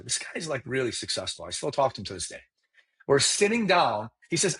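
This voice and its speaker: A man of Iranian origin whose first language is Persian, telling a personal story as a podcast guest in an animated, conversational way. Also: medium pitch, a little fast, slightly rough. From Iran. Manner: animated, rising excitedly as he tells a story.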